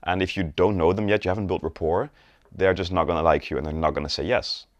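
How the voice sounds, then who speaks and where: This sales coach is a man with a very deep voice who speaks fast in a teaching video about sales. He's miked close in a dry setting with no room sound, and he models rising, level and falling intonation in his examples.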